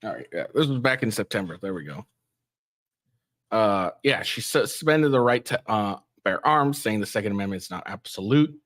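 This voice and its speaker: A man's voice: lowish voice, expressive, moderate pace, a bit bright, dry recording, studio quality. A man doing casual, profane commentary on news clips, rambling with many fillers and restarts. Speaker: commentary streamer reacting to clips.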